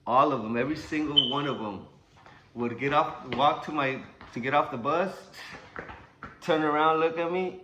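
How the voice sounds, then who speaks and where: A young man casually telling a personal story, animated and profane, acting out what people said. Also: medium pitch, a little hiss or hum, poor audio. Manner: animated, profane, acts out quotes.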